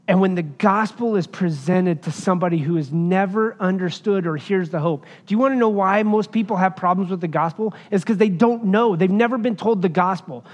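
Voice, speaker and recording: A man's voice: sits high, a little mellow, big-room sound. A man preaching a sermon, telling a personal story and driving home his points with emphasis. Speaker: pastor.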